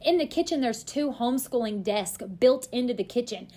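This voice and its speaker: A woman in her thirties, a podcast guest, telling a story in lively casual chat and acting out what other people said. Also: on the high side. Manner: lively, quick to act out other people's lines.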